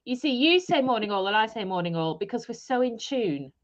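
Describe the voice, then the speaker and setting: A woman's voice: a little high, sing-song, fairly quick, highs cut off, crowd noise. A married woman co-hosting a live stream from a caravan, chatting casually with giggles and playful teasing. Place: caravan in mid Wales, rain outside.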